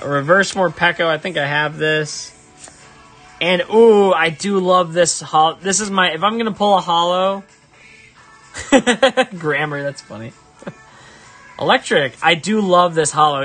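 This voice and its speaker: A man chatting casually on a live stream while opening trading cards, excitable and prone to high exasperated yelps. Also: measured pace, soft background music. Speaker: live-stream card opener.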